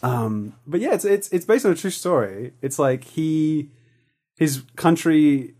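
A man co-hosting a podcast in casual chat, animated and jumping into silly voices. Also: a little high, a little slow. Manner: animated, breaks into silly character voices and laughs. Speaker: podcast co-host.

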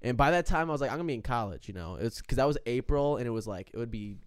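A man's voice: mid-range voice, expressive, fast talker, clear, resonant tone. A young man telling a long story in casual chat, rambling with lots of fillers and acting out quotes. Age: young adult.

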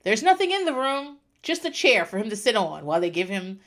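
A woman's voice: a little high, big pitch swings, fairly quick, a bit bright. A woman in her thirties, a podcast host, telling a personal story in a casual, chatty way, with lots of fillers and restarts. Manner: chatty, tearful-then-laughing storyteller with frequent fillers.

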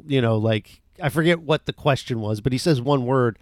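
A man's voice: mid-range voice, normal speed, no echo, studio quality. A man co-hosting a casual film podcast, talking in an enthusiastic, rambling way with many fillers. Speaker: podcast co-host.

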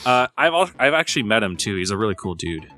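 A man with a lowish, bright voice co-hosts a gaming podcast. He teases the others in a dry, casual way. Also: very animated, fast talker, soft background music. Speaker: podcast co-host.

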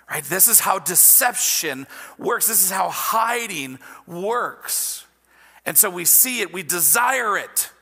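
A man preaching a sermon in an animated, conversational way, often checking in with his listeners. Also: sits high, gravelly, husky, long reverb tail. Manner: animated, conversational, asks the audience "right?". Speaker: pastor.

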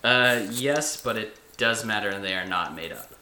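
Low-voiced chatty young podcast host, echoey. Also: male voice, moderate pace, pushed and bright, slight background noise. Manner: chatty, rambling, laughs at himself. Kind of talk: casual podcast chat.

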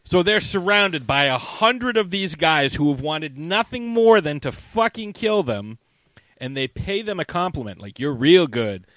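A man casually recapping a movie scene with a co-host, animated and swearing freely. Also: high-pitched, a little slow, dry recording.

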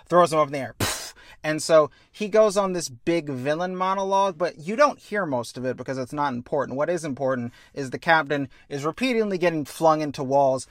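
A young man chatting casually, acting out a story pitch with quick voice changes and swearing. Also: lively intonation, dry recording, clean studio sound. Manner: acts out scenes with quick voice changes. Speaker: podcast co-host pitching a story. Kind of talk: animated storytelling chat.

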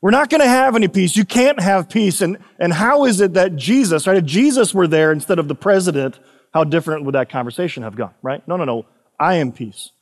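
A man who is a pastor, preaching a casual, conversational sermon with laughing asides and frequent tag questions, slowing down to read scripture. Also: sits high, lively intonation. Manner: slows down and lifts his voice for scripture readings. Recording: long hall reverb.

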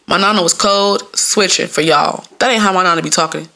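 Laughing, profane woman podcaster, gravelly. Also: fairly low pitch, brisk, sharp tone. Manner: laughing often, loose and profane, mimics voices in quotes. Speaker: podcast host. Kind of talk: casual solo podcast talk.

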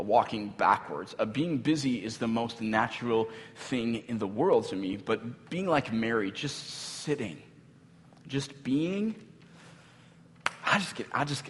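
A male pastor with a mid-range, slightly bright voice gives a sermon in a casual, conversational style, sprinkled with filler words and light laughs. The recording carries a long hall reverb.

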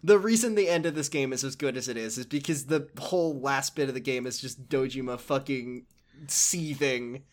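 A man casually recapping a video game plot with a co-host, excitable and often laughing. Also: mid-range voice, moderate pace. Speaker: podcast co-host.

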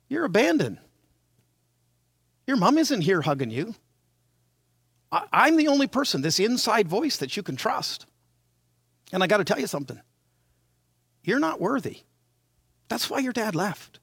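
A sly snake of shame hisses soft, insinuating taunts, as an older preacher in his sixties puts it on. The voice climbs high and swings widely, and the sound is close and dry with no room around it. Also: vocal fry, husky, dry recording, exaggerated voice. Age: 60s.

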